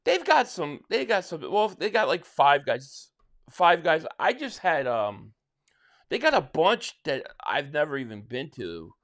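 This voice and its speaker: A man's voice: a little high, very animated, a little slow, fairly bright tone. A man from South Jersey hosting a live stream, chatting casually and rambling as he answers viewer comments, with frequent restarts. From South Jersey, near Philadelphia.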